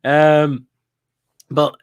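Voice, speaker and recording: A man's voice: on the high side, flat delivery, drawn-out words, smooth, no room sound. A man co-hosting a podcast, chatting in an enthusiastic, rambling way with lots of fillers and laughs. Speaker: podcast co-host. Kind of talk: casual fan review chat.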